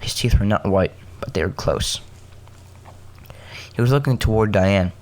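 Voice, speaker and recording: Low-voiced man reading a story casually. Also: darkish tone. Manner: halting, self-correcting, joking asides between coughs. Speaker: podcast host reading a story.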